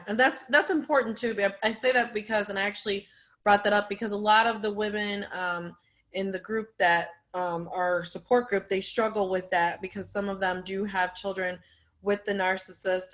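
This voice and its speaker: A woman hosting a podcast who speaks in a measured way, pausing with fillers as she frames her points. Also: medium pitch, fairly even intonation, a bit bright. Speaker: podcast host and support group leader. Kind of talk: conversational interview talk.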